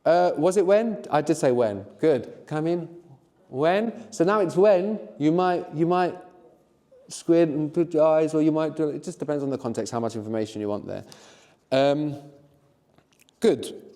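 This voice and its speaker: A middle-aged man teaching a live workshop, encouraging the learners and often checking in with a quick "no?". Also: fairly high pitch, dark tone, in a large hall. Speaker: language teacher.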